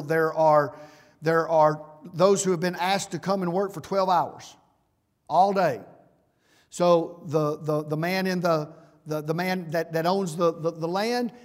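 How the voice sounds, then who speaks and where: A man preaching a sermon as pastor, emphatic, swinging from loud passages to hushed ones. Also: a little high. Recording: hall reverb.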